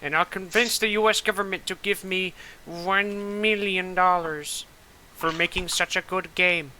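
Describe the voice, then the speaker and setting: A man voicing a boastful game developer who plans to conquer the world, in a slow grandiose delivery. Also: high voice, fairly even intonation, pushed and bright, slight background noise, pitched above the performer's own voice, full character voice, low-quality recording.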